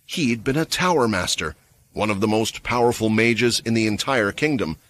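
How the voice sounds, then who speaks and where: A man's voice: fairly low pitch, lively intonation, normal speed, fairly bright tone. Man narrating a fantasy recap. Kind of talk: scripted story narration.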